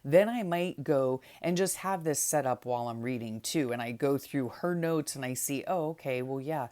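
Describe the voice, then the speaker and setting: A woman's voice: rumbling low, moderate pace, darkish tone. A middle-aged woman casually walking through her Bible study process, chatty with many fillers and tag questions. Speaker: vlogger.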